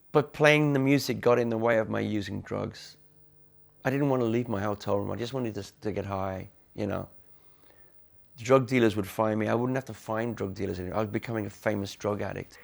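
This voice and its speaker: A man from the Midlands speaking candidly in a documentary interview, halting and restarting as he talks. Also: lowish voice, steady tone, creaky. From Cannock, England. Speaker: interviewee, musician.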